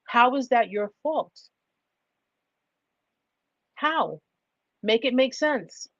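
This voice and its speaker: A woman's voice: fairly high pitch, expressive, drawn-out words, a bit bright, dry recording, highs cut off. A woman hosting a livestream advice talk, speaking emphatically and driving points home with repeated rhetorical questions. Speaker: livestream host.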